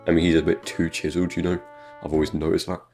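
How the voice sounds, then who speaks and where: A British man with an extremely low voice delivers comedic gameplay commentary. He rambles through crude, sarcastic jokes in a casual way. Faint guitar music plays behind him. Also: flat delivery, fast, vocal fry, a little mellow. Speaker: gaming YouTuber.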